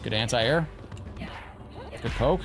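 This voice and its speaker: Casual, excitable male streamer at a mid-range pitch, informal and a bit profane, cheering good plays. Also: takes it slowly, music in the background. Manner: excitable, cheers opponents and thanks viewers; chatty and informal, often profane. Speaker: live-stream gaming host. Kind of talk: casual live-stream commentary.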